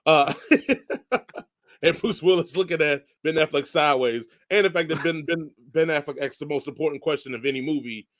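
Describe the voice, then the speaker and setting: A man co-hosting a podcast, chatting casually about movies, who often agrees with quick repeated words and laughs along. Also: on the high side, a bit bright, no room sound, clean studio sound. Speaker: podcast co-host. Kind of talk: casual movie review chat.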